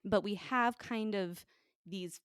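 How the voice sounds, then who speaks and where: An American woman with an Upper Midwest accent, co-hosting a casual podcast chat with quick asides and frequent giggles. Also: medium pitch, fairly bright tone, clean tone, no echo, studio quality. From United States. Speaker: podcast co-host.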